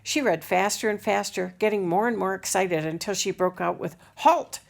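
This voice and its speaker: Gravelly-voiced woman reading a children's novel. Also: medium pitch, fairly even intonation, brisk. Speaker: audiobook reader. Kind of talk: scripted narration of a children's novel.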